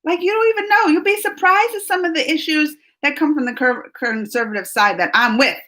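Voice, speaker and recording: A woman's voice: high-pitched, fairly quick. A woman hosting a casual live chat, rambling and getting worked up as she reads comments. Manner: rambling, gets worked up then trails off quietly. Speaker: livestream host reading chat.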